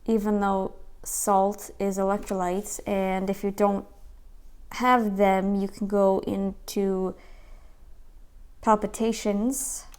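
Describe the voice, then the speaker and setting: A woman giving casual reaction commentary, rambling and turning loud and scolding when annoyed. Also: mid-range voice, level tone, slow, clear, resonant tone.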